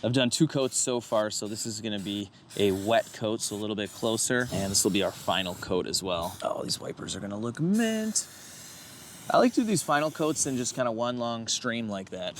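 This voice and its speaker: A lower-pitched man narrating his own car work in a garage, loose and chatty with side jokes. He sounds a bit stuffed up, and a faint hum of shop noise sits under his voice. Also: expressive, normal speed. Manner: chatty and self-joking, rambles on tangents. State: congested. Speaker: car restoration vlogger. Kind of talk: casual talk-through while working on a car. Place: garage workshop. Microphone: handheld camera while working.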